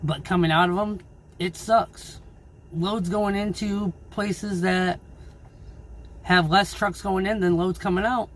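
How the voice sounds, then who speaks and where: A man who drives his own truck, ranting angrily and swearing in a casual vlog about low freight rates. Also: fairly even intonation, slow pace, a bit bright, slight background noise. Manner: angry, swearing, frustrated. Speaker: owner-operator truck driver.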